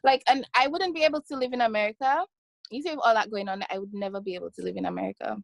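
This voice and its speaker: A woman, chatting lively in a casual podcast and laughing easily. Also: a little high, rapid-fire, gravelly, dry recording, rough recording. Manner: lively, laughs easily, many short affirmations.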